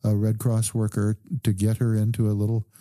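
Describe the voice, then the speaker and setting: A man, a doctor guest on a podcast, calmly telling a story and quoting the people in it. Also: on the low side, no room sound, clean studio sound. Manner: calm, measured recounting with quoted dialogue. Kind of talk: conversational storytelling.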